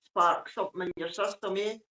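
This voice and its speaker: An easygoing Scottish woman chats casually, with "aye" and "eh" sprinkled through her talk. Her voice sits at a middle pitch. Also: fairly even intonation, a little fast, sharp tone, poor audio. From Scotland. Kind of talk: casual chat.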